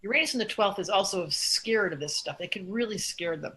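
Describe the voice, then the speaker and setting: A woman's voice: mid-range voice, lively intonation, a little slow, bright, forceful tone, rough recording. An older woman, an astrologer, talking casually and animatedly on a live stream, laughing often. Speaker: astrologer host.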